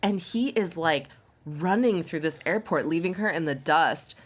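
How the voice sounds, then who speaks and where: A woman's voice: on the low side, measured pace. A woman co-hosting a podcast, chatting frankly about a TV show and laughing easily. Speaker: podcast co-host. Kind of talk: casual recap chat.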